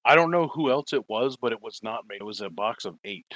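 Guy rambling thru a sweary story, dry close sound, middle pitch. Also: animated, brisk, a bit bright, no room sound. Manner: profane, rambling storytelling with quoted asides. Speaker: toy collector telling a story. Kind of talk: casual chat.

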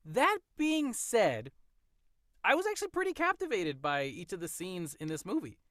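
A man co-hosting a casual movie chat, animated and playful, sometimes slipping into voices to retell scenes. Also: high voice, moderate pace, no echo, studio quality. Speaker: podcast co-host.

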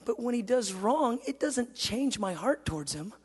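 Male preacher in his 30s, high voice, passionate sermon, big echoey hall. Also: big pitch swings, normal speed, breathy edge. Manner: impassioned, swings from loud declaring to soft tender storytelling. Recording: long hall reverb.

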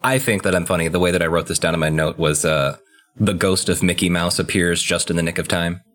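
Low-voiced excitable podcast co-host man. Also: a little fast. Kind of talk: casual chat recapping a video game.

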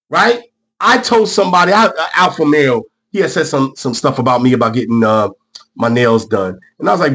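A middle-aged man talks to his audience in a casual, motivational way, with a voice that sits fairly high for a man and swings widely in pitch. He is emphatic, laughs often, and repeats his points to drive them home. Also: a bit bright.

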